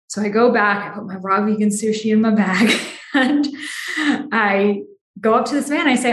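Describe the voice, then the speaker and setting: A woman's voice: mid-range voice, moderate pace, roomy sound. A young woman telling a personal story in a chatty way, full of "like", acting out the dialogue. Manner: chatty, lots of "like", acts out dialogue.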